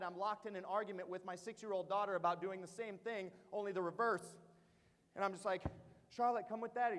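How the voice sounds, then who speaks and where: Male presenter, 30s, high voice, animated storyteller with "uh" fillers, recorded in a reverberant hall. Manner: animated, frequent "uh" fillers, asks the audience questions. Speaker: keynote speaker at teacher training. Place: large hall before an audience.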